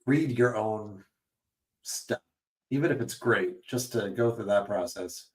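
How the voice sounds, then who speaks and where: Chatty podcast co-host, slightly off-mic. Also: male voice, on the low side, measured pace, recorded from a distance. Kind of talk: casual chat.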